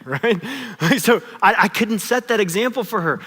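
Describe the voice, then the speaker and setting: A man's voice: sits high, expressive, moderate pace, pushed and bright. A pastor in his thirties telling a personal story in a conversational, self-deprecating sermon. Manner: conversational, self-deprecating, tags lines with "right?". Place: church sanctuary. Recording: long church reverb.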